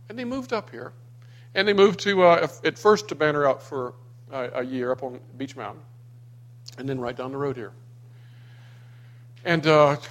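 A man's voice: fairly high pitch, a bit bright. A man from Florida telling personal stories about his father to a small gathering, acting out what people said. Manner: anecdotal, acts out quoted people. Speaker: speaker sharing memories of his father.

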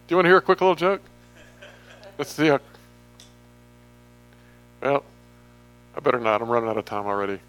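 A man's voice: medium pitch, expressive, brisk, long pauses, a bit bright, clear, resonant tone, soft background music. A man giving a casual sermon from slides, chatty and joking, drifting off topic now and then. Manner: chatty, jokey, wanders off topic. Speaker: pastor.

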